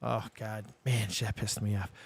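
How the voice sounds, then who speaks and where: A young man hosting a live show, telling a story in an animated, profane way and getting worked up as he goes. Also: fairly low pitch, normal speed, vocal fry, slightly rough, no echo. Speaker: show host.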